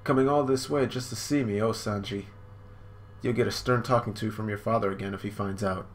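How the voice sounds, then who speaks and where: A man voicing a gentle, dying queen mother who speaks tenderly to her son. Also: lowish voice, steady tone, fairly quick, a little hiss or hum, natural voice.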